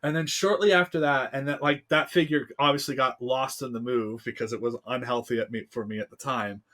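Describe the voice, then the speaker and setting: A man's voice: medium pitch, fairly even intonation, brisk, a bit bright. A podcast guest in his thirties with a man's voice, from the United States, telling a personal story in casual interview chat, heartfelt and full of fillers. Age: 30s.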